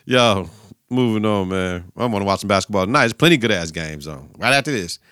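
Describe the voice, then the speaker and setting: A young man hosts his own podcast solo, chatting about sports and coaching in a loose, slangy, profane way. His voice is bright and forceful. The sound is close and dry, with no room around it. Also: on the low side, brisk, clean tone, no room sound. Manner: profane, slangy, animated riffing. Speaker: podcast host, teacher and coach.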